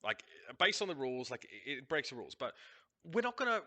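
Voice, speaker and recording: A man's voice: on the high side, very animated, quick pace, bright, forceful tone. A man with an Australian accent, hosting a casual review of a match broadcast, talking bluntly and swearing freely as he rants. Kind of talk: casual commentary over a replay.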